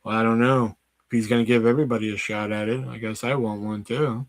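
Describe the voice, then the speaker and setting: A man doing an impression of a calm, menacing male hitman in a slow monotone. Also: medium pitch, no echo, close to an everyday voice. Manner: slow monotone, flat delivery.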